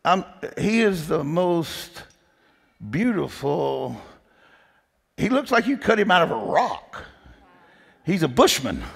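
Gravelly preacher in a reverberant hall. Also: male voice, on the high side, very animated, takes it slowly, pauses often. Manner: folksy, emphatic, repeats "did you hear me". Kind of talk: storytelling sermon. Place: church sanctuary.

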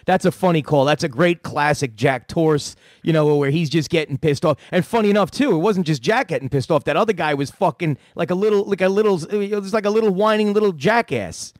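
A man with a notably high voice tells rambling, profane stories about his prank calls, full of restarts and asides. The recording is dry and close, with almost no room sound. He talks like a comedian chatting loosely with a fan on the radio. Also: a little fast, hardly any pauses, no echo. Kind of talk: casual radio chat.

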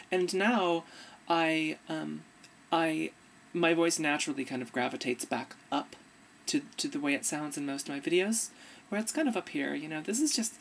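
An earnest woman talks casually to the camera, giving advice. Her voice sits low with a gravelly edge. She often trails off and picks the thought back up. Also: a little hiss or hum. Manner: earnest, conversational, trails off and restarts. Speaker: vlogger.

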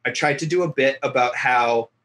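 A man's voice: medium pitch, normal speed, fairly bright tone. A man from near Winnipeg hosting a casual podcast, telling stories about himself with a self-mocking manner and frequent laughs. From near Winnipeg, Canada. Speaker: podcast host.

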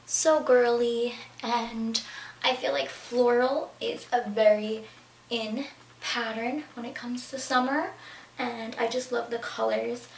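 A young woman chatting about her clothing haul in a bubbly way, sometimes dropping to a whisper for asides. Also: fairly high pitch. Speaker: fashion vlogger. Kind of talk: casual clothing haul talk. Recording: echoey room, camera at a distance, faint background noise.

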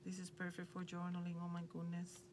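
A woman's voice: fairly low pitch, monotone, brisk. A woman, hosting a craft channel and gushing over the crafting supplies she unboxes. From Puerto Rico. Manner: gushing, enthusiastic. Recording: noticeable background noise.

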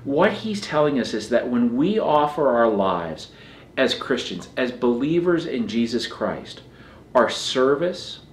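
A man's voice: medium pitch, very animated, unhurried, roomy sound, slight background noise. A man preaching a sermon as pastor, earnest, often repeating phrases as he builds a point.

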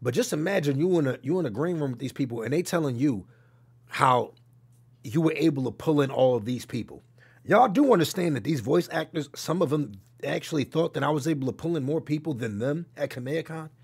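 A young man streaming, telling animated stories to his chat, loud one moment and hushed the next, with plenty of swearing. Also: on the high side, a little fast, gravelly, husky. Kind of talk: casual chat reading a stream chat.

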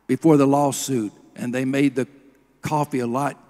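A middle-aged man preaching a sermon, telling personal stories earnestly and sinking to a hushed voice at tender moments. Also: mid-range voice, level tone, moderate pace. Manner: earnest storytelling, drops to a hush at emotional moments. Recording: long hall reverb.

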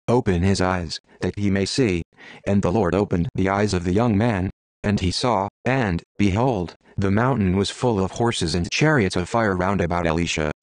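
A man giving a measured, solemn reading of King James scripture. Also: sits low, darkish tone, no room sound. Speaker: Bible reader.

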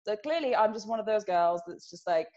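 A woman's voice: mid-range voice, lively intonation, a little fast, darkish tone. A young woman from England with a British accent, chatting as a podcast guest and laughing often between her sentences. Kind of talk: casual interview chat. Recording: muffled lo-fi audio.

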